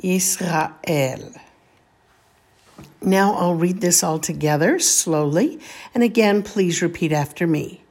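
A woman teaching scripture reading, saying each word slowly and patiently for listeners to repeat. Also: lowish voice, a little mellow. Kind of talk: slow call-and-repeat reading lesson.

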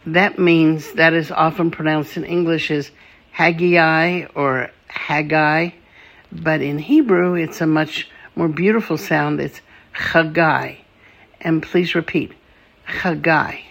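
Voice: medium pitch, steady tone, a little slow, vocal fry, a little hiss or hum. A language teacher running a patient vocabulary drill, saying each word and asking the listener to repeat it.

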